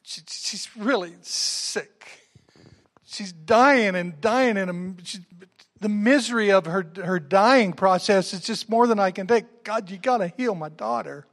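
A man's voice: sits high, takes it slowly, fairly bright tone. A man preaching a sermon with folksy storytelling, calling on the congregation to respond.

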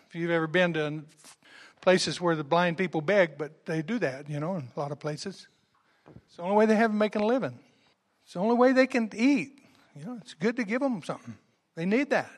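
A man preaches a sermon in a high voice, retelling stories in a folksy way. He often calls on the congregation to answer back, with frequent restarts as he goes. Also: fairly quick.

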